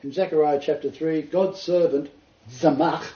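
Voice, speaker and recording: Male Bible teacher, earnest and explanatory, mellow tone, roomy distant lo-fi recording. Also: on the high side, moderate pace. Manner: earnest, explanatory, quotes scripture and commentators. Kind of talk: informal Bible study teaching. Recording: roomy, distant, dull lo-fi sound.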